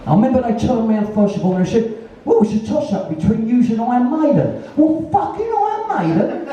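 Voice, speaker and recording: A high-pitched but darkly coloured Cockney man in his sixties from East London rattles through sweary stories on stage, imitating the people in them. He is caught from a distance in a very echoey room, with a faint noise underneath. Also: lively intonation, fast, dark tone. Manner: swearing, rambling anecdotes, acting out other people's voices. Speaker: guest storyteller. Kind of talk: live on-stage conversation. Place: venue in front of an audience.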